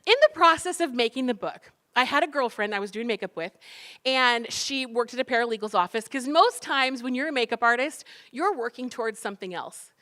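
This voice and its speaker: A woman's voice: high voice, a bit bright. A woman giving a motivational talk, telling her story animatedly and acting out the dialogue with laughs. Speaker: cookbook author and speaker.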